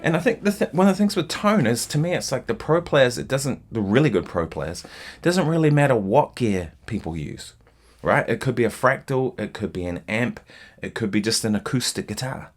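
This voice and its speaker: A man giving a casual guitar lesson, chatting in a relaxed, rambling way with lots of fillers and asides, guitar in hand. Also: medium pitch, normal speed. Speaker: guitar teacher. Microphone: single mic, holding guitar while talking.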